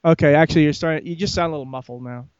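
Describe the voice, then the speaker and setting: A man's voice: a little high, rapid-fire, clean tone, dry recording, muffled recording. A man hosting a casual gaming podcast who keeps joking, teasing his co-hosts and laughing. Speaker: podcast host.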